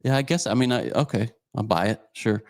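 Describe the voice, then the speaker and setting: A man's voice: mid-range voice, fairly quick, no echo, clean studio sound. A man co-hosting a casual podcast, reading viewer comments aloud in a rambling way with many fillers. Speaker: podcast co-host reading super chats.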